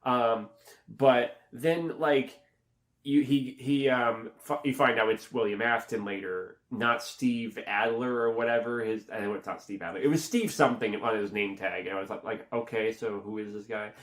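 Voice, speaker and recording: Man, mid-pitched voice, casual movie review, rambling, lots of ums and likes, pitch leaps when mimicking reactions. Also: normal speed, fairly bright tone. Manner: rambling, heavy on fillers and restarts; jumps up in pitch to act out reactions.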